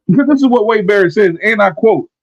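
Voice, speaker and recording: A man hosting a wrestling podcast in casual chat, animated and laughing often. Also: sits high, dry recording, lo-fi sound. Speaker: podcast host.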